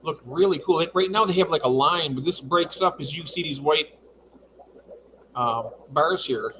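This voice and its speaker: A man's voice: fairly high pitch, moderate pace, bright, forceful tone, slight background noise. A man hosting a casual livestream from his fish room at home, chatting and reading out viewer comments. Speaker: livestream host.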